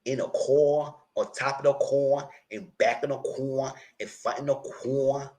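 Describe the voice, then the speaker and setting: A man hosting a casual live recap, retelling scenes in a loose, animated way and quoting the characters as he goes. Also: medium pitch, measured pace. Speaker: TV recap host.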